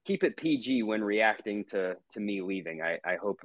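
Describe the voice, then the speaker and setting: Low-voiced man in dry, easygoing podcast chat. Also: animated, normal speed, no echo, muffled recording. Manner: easygoing, rambling, with filler words. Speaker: podcast co-host.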